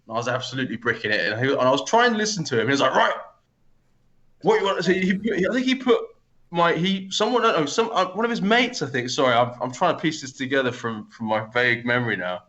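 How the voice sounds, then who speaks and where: A man, a band member casually telling a story, animated and laughing, acting out other people's lines. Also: mid-range voice, fast, muffled recording. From Essex, England.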